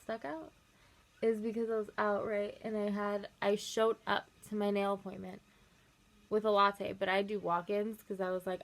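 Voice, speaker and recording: A young woman with a gravelly, fry-laced voice talks through her makeup routine in a loose, rambling way. She fills her sentences with "like" and quick asides, and she sounds chatty and unscripted. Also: medium pitch, little pitch movement. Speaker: makeup vlogger. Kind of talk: casual chatty storytelling while doing makeup.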